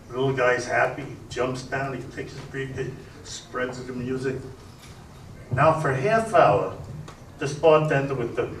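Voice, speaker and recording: A man doing a stand-up routine on a comedy club stage, telling jokes deadpan. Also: mid-range voice, a little hiss or hum. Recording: echoey club recording from a distance.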